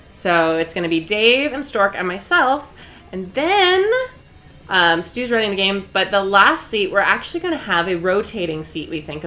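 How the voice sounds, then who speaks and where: A woman's voice: mid-range voice, sharp tone. A woman chatting casually on a live stream while she sews, talkative and often breaking into laughter.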